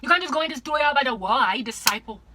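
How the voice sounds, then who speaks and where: Speaking quickly and expressively in a high voice, a young South African woman with a South African accent rants on her vlog. The monologue is exaggerated and repetitive, drifts into Afrikaans, and has a noisy background.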